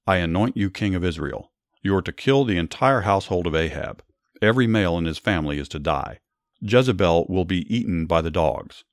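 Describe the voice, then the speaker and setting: A man's voice: low-pitched, animated, fairly quick, no room sound, clean studio sound. A man reading as a solemn young prophet. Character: earnest young male prophet messenger.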